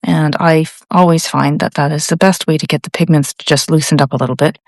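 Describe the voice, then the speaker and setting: Canadian woman painting along live, kinda low voice, chatty and excited about colours, dry close sound. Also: a little fast, dry recording. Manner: chatty, enthusiastic, thinking aloud. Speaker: art tutor. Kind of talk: real-time painting tutorial.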